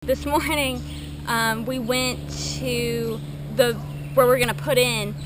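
A woman gives a casual trip update outdoors by a lake, chatty and full of ums. Her voice is a little high. Steady outdoor noise sits behind her. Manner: chatty, many fillers. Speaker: canoe trip participant. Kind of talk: casual video diary. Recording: noisy outdoor camera audio.

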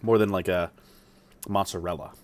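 A man's voice: deep voice, fairly even intonation, normal speed. A young man chatting casually through a food review vlog while he eats, rambling with lots of fillers and appreciative hums. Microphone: streaming setup mic.

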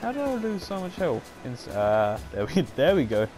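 A man's voice: a little high, very animated, normal speed. A young man sarcastically commenting on a game, swearing a lot. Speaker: gaming channel host. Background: game music.

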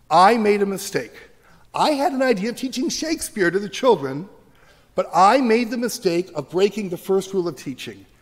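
Middle-aged guy teacher giving a fired-up lecture, lively voice, big hall echo. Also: high voice. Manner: passionate, acts out voices of critics. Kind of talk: animated public lecture. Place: university auditorium. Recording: long hall reverb from the auditorium.

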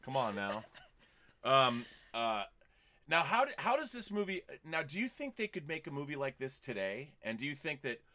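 A man's voice: mid-range voice, very animated, normal speed, sharp tone. A man hosting a casual movie chat, enthusiastic and digressive, talking in long run-on thoughts. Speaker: podcast host.

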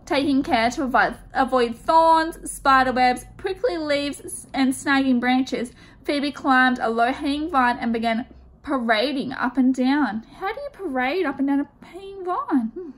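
Teacher lady reading a picture book to kids, highish voice, asks them questions as she goes. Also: measured pace. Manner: expressive, asks children questions. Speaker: student teacher.

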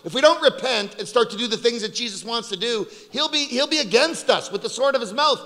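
A man from Canada preaching a fiery sermon as a guest speaker, loud, emphatic and joking. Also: very high voice, animated, brisk, few pauses, big-room sound. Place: large conference hall.

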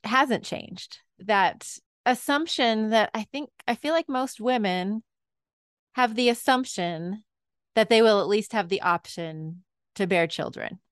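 A woman's voice: medium pitch, slow, no room sound, studio quality. A woman hosting a podcast, asking empathetic questions and sharing her own experience. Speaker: podcast host. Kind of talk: podcast interview.

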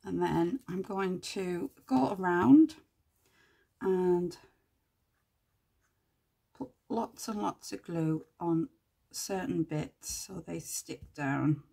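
A woman hosting a casual crafting tutorial, chatting and thinking aloud as she works, with quiet muttered asides to herself. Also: on the low side, slow pace, creaky, long pauses, breathy edge. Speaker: craft channel host.

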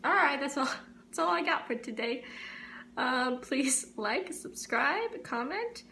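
Woman, high voice, playful mock-serious rambling, faint hiss behind. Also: expressive, takes it slowly, sharp tone. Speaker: vlogger. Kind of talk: comedic monologue to camera.

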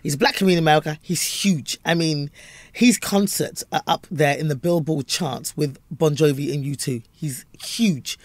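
Animated Cockney woman comedian telling stories. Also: low voice, moderate pace, no echo. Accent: London Cockney. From London, England. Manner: animated storyteller, acts out voices. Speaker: comedian guest. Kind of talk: interview chat.

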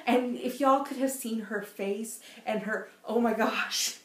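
A woman co-hosting a casual knitting podcast with her daughter, chatty and quick to laugh as she tells stories. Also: fairly high pitch. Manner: chatty, giggly storyteller. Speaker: podcast co-host, mother. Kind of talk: casual chat. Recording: roomy echo.

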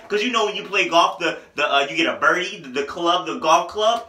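Podekscytowany mężczyzna recenzuje album, jasny głos w pogłosie. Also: male voice, a little high, normal speed, slight background noise. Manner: excitable, exclaiming, rambling slang. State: headache. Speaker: music reviewer. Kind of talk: casual album review. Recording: echoey room.

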